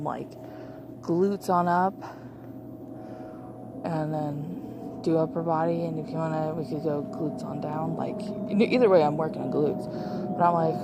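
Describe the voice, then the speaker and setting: A woman's voice: low-pitched, very noisy. A young woman, a massage therapist, casually chatting about her week with lots of fillers and restarts. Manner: rambling, many fillers and restarts. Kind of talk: casual chat.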